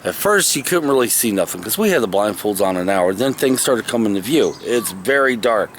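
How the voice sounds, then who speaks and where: A man's voice: fairly low pitch, lively intonation, a little fast, a little hiss or hum. A man telling a story from his past in a rambling, folksy, casual way, recording himself outdoors in the shade of a tree. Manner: rambling, folksy, self-correcting. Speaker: vlogger. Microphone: camera he is handling himself.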